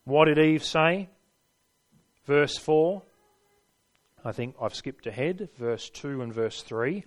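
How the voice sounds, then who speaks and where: A man's voice: on the high side, takes it slowly. A man preaching a sermon, stressing his points and putting rhetorical questions to his listeners.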